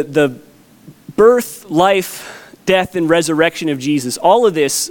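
A man in his thirties, a pastor preaching a conversational sermon with a folksy, storytelling manner. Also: fairly high pitch. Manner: folksy, storytelling with family anecdotes.

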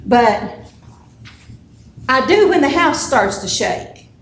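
Slow-talking high-voiced woman preaching. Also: very animated. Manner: conversational storytelling with humorous asides. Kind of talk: casual sermon. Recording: echoey room with faint noise.

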